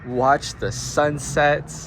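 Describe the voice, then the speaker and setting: A man's voice: on the high side, fairly even intonation, extremely slow, noisy background. A man working as a real estate agent, walking through an empty house and narrating the tour in a chatty, upbeat way with jokey asides.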